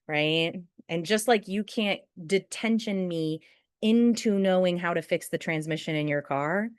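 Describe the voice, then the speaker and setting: Low-voiced woman giving a chatty training talk. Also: clean tone, dry recording, clean studio sound. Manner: chatty, often asks "right?" and acts out quotes. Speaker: school outreach trainer. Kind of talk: conversational webinar training talk.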